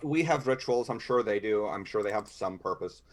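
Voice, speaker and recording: A man with a lowish voice takes part in a tabletop game. He thinks his way through plans aloud and asks questions to steer the group. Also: lively intonation, normal speed. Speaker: player. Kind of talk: tabletop role-play talk.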